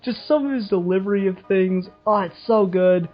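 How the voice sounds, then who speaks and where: A man's voice: high-pitched, normal speed, muffled recording, faint music behind. A young man in casual film review chat, enthusiastic, laughing often, with lots of fillers. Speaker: podcast co-host.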